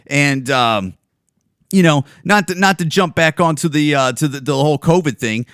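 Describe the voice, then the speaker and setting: This podcast host, a man in his forties from around Chicago, rants in anger, swearing a lot and repeating himself. He speaks at normal speed in a fairly high, slightly bright, clear and resonant voice, recorded studio-clean with no room sound.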